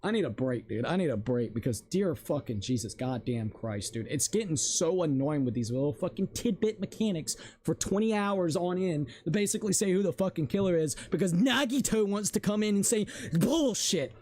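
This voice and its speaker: A man streaming a video game, ranting and swearing with stammering restarts, his voice climbing high when exasperated. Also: expressive, fairly quick, few pauses, darkish tone, a little hiss or hum. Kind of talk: frustrated gameplay commentary.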